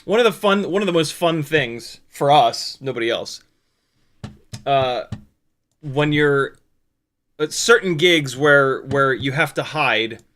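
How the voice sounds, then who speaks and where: Bright-voiced joking man hosting a stream. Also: on the high side, takes it slowly, pauses often. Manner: joking, animated, swears freely. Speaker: livestream host. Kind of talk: casual live-stream chat.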